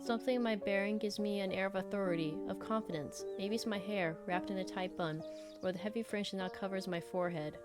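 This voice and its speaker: A woman streamer reads a visual novel aloud. Her middle-pitched voice moves from steady narration into blunt, animated asides, with soft game music running faintly underneath. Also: quick pace. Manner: animated, blunt outbursts between calm reading. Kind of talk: reading a visual novel aloud with live reactions.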